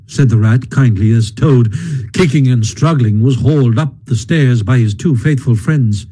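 A man reading a story aloud in an expressive, dramatic way. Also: medium pitch, normal speed, slightly rough, low-quality recording. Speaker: narrator. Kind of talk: audiobook narration.

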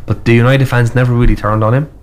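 A man hosting a casual football chat, giving measured, opinionated takes. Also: mid-range voice, steady tone, a little hiss or hum.

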